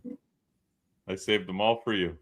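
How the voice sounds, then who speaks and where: A man co-hosting a podcast, joking around with a tense, forceful edge to his voice. He sits a little low in pitch and laughs easily, swears freely and keeps the banter loose. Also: quick pace, slight background noise. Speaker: podcast co-host. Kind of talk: casual banter.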